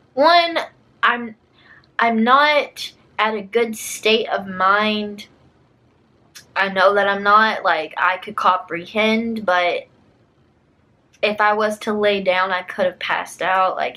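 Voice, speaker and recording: A young woman YouTuber with a mid-range, sharp-toned voice tells a personal storytime tale to camera, chatty and packed with fillers as she acts out what others said. The audio quality is poor.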